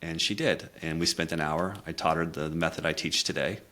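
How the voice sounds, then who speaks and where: Deep-voiced man telling a personal story. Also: fairly even intonation, a little fast. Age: middle-aged. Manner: earnest, reflective, drops quiet for emotional moments. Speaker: guest, communication coach.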